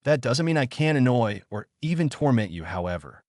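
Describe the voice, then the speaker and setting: A spiteful fox demon taunts and gloats in a pitched-up voice, as a man reading the story puts him on. The sound is dry and close, and the delivery swings widely in pitch. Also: very animated, fairly quick, darkish tone, no echo, natural voice. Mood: mocking. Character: cruel mocking male fox demon.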